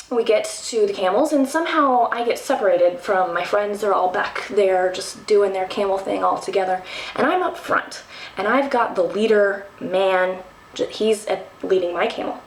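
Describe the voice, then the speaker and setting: A young woman from Texas telling a travel story to the camera, animated and self-mocking, with lots of ums and restarts. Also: medium pitch, gravelly, slight background noise. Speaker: vlogger. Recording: roomy, from a distance.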